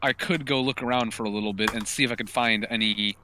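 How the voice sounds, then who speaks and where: A man's voice: medium pitch, fairly even intonation, fast, noisy background. A man playing a tabletop game, chatting casually and thinking aloud in a talkative, hesitant way. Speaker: player.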